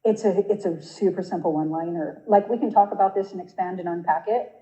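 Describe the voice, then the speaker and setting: Dark-voiced emphatic woman yoga coach. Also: lowish voice, quick pace. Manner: emphatic, laughs often. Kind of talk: conversational interview talk. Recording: muffled lo-fi sound.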